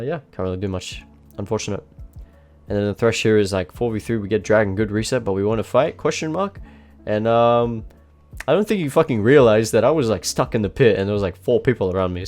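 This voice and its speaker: A man's voice: lowish voice, darkish tone. A young man giving casual, rambling gameplay commentary, swearing often and restarting his sentences. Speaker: gaming video creator. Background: faint background music.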